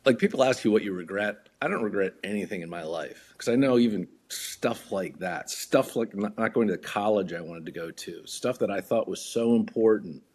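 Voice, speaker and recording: A man's voice: lowish voice, moderate pace, hardly any pauses, darkish tone. A man, a podcast guest, telling a story in a casual way, acting out other people's voices and often repeating his words.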